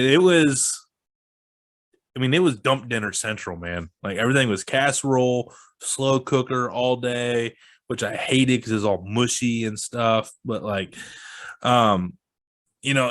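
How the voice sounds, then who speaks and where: A man's voice: medium pitch, a bit bright, no echo. Midwestern male podcast host, chatty and self-mocking, dry close mic. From American Midwest. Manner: rambling, laughs often, self-deprecating. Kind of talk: casual chat.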